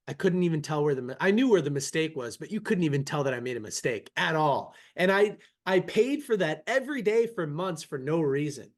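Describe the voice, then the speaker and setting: Earnest young man hosting a podcast. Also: fairly high pitch. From United States. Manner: earnest, tells a personal story. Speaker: podcast host. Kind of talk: casual interview chat.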